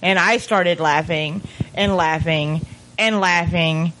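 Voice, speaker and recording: A woman's voice: lowish voice, slow pace, a bit bright, rough recording. A woman chatting casually among friends, telling a candid, giggly story.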